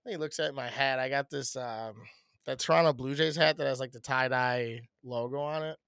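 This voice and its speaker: A man's voice: mid-range voice, normal speed, smooth, no room sound, studio quality. A young man from Chicago co-hosting a podcast, telling stories in casual chat, swearing often and mimicking people. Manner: animated storyteller, swears a lot, mimics people. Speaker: podcast co-host.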